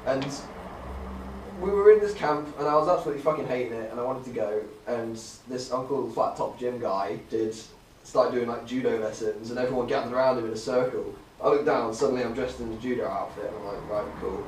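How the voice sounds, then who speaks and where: A man's voice: mid-range voice, a little fast, darkish tone, a little hiss or hum. A young man in casual chat, telling a long story with plenty of swearing. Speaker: podcast co-host. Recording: roomy, far from the mic.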